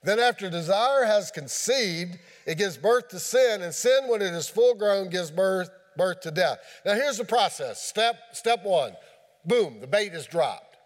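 High-voiced man preaching a folksy sermon. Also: unhurried. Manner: folksy, animated storytelling with sound effects. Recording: long hall reverb.

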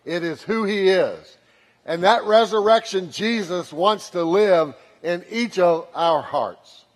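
High-voiced pastor preaching in a hall. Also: male voice, slow. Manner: conversational, lightly joking preaching that builds to fervent calls. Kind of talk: sermon. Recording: long hall reverb.

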